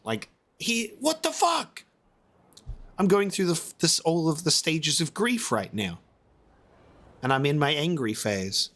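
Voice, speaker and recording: A man's voice: on the high side, animated, measured pace, a bit bright. A man reacting to a video game as a let's-play host, exasperated and rambling, often swearing.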